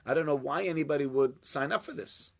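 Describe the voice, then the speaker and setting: A man's voice: on the high side, fast, vocal fry. A man giving an informal Torah class, chatty and joking with his listeners. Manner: chatty, jokey, banters with listeners. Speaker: Torah teacher.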